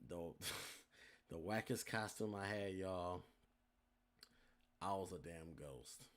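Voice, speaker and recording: A man's voice: deep voice, slow. A young man hosting a podcast, telling a story casually with lots of swearing and talking straight to his listeners. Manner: animated, profane, addresses listeners as y'all. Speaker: podcast host.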